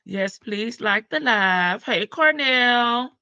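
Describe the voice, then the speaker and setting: A woman's voice: fairly high pitch, expressive, slow, pushed and bright, clean tone, no room sound. An older woman hosting a casual live stream, greeting viewers one by one and stretching out her hellos. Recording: dull lo-fi stream audio.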